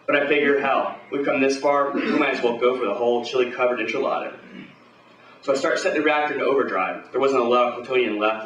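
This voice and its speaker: A man's voice: medium pitch, a bit bright, roomy sound, recorded from a distance, slight background noise, poor audio. A man performing a hard-boiled pulp story live at a bar, with swaggering, profane tough-guy narration. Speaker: performer at an open reading.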